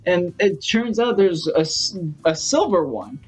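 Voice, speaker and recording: A man vlogging in a casual storytelling style, rambling and excitable, full of fillers. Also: high voice, a little slow, husky, soft background music. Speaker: gaming vlogger.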